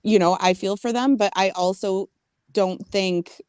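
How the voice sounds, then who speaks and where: A woman's voice: medium pitch, steady tone, a little mellow, clear, resonant tone, no room sound, studio quality. A woman talking frankly and swearing in a casual panel discussion. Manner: frank, swearing, quick to jump in.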